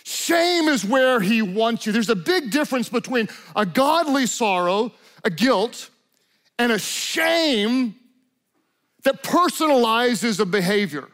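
A male preacher with a high voice who delivers his sermon dramatically. He drops to hushed, slow lines and then builds up to shouting.

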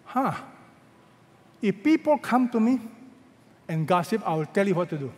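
A middle-aged Filipino-accented man preaches a sermon with a high voice. He fires questions at the congregation and draws scripture quotes out slowly. His voice rings with the long reverb of a large church hall. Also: very animated. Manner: calls out questions for the congregation to answer; slows right down when quoting scripture. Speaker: senior pastor.

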